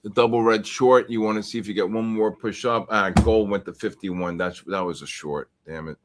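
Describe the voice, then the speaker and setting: A man hosting a live futures trading stream, commenting casually and excitedly on the market. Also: fairly low pitch, moderate pace, noisy background. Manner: excitable, exclaiming and talking to himself over charts. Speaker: livestream trading host.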